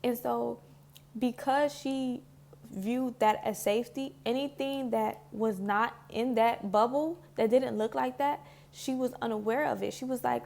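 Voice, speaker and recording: A woman's voice: on the high side, fairly even intonation, measured pace, gravelly, darkish tone. A woman talking to camera about spiritual healing in a casual, heartfelt way, loose and full of "like"s, close to tears. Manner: earnest and heartfelt, loose with many "like"s. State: emotional, near tears. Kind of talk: casual reflective talk to camera.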